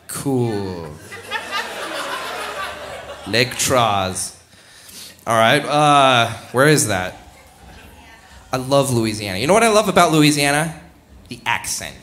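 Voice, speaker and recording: A man's voice: mid-range voice, fairly bright tone. A young man doing a live stand-up set, rambling and self-deprecating, chuckling at his own jokes into a stage mic. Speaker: stand-up comedian. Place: comedy club stage.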